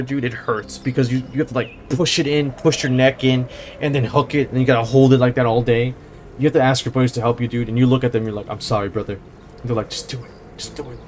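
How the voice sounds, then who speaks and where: A man's voice: mid-range voice, a little hiss or hum. A young man hosting a let's play, rambling through casual jokey stories and swearing now and then between game moves. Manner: rambling, swears, joking anecdotes. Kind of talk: casual gameplay commentary.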